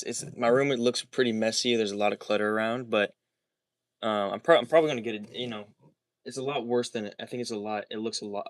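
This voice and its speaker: A man's voice: fairly low pitch, dry recording. A young man chatting casually on a livestream from his bedroom, rambling and restarting his sentences. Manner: rambling, halting, many restarts.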